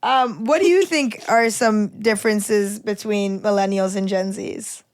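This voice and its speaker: A woman in her thirties hosts a podcast, chatting casually in a blunt, opinionated way and swearing freely. Her voice is medium in pitch and her delivery unhurried.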